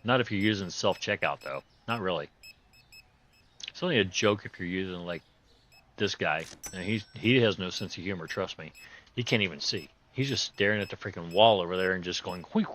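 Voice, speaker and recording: Hoarse man bantering over gameplay. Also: low voice, fairly quick, fairly bright tone, a little hiss or hum. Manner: joking, rambling, chuckles often; folksy, casual grammar. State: hoarse, recovering voice. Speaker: host playing a video game. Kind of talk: casual gameplay commentary.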